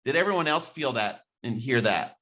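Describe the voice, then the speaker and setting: Bright-voiced encouraging male vocal coach. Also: medium pitch, lively intonation, normal speed. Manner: encouraging, demonstrates by singing. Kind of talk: live online vocal coaching.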